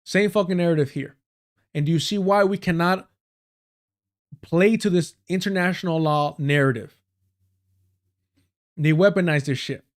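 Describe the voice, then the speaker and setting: A man's voice: on the high side, moderate pace, long pauses. A man giving profane, sarcastic political commentary on a livestream, reading news passages aloud and breaking into angry rants.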